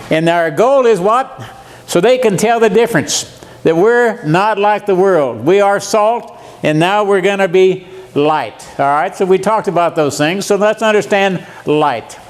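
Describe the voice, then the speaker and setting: An older man in his seventies preaches a seminar lesson in a church. His voice sits high for a man, and he talks in a folksy, joking way, throwing questions out to the listeners. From USA. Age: 70s. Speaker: guest preacher. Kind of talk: seminar sermon. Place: church meeting room.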